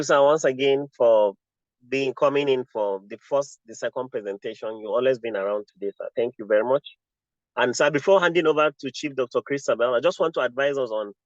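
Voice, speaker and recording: A man's voice: medium pitch, no echo. Deferential male moderator on a call. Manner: deferential, says sir often. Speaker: session moderator. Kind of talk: polite moderating. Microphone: video call. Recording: dull lo-fi call audio.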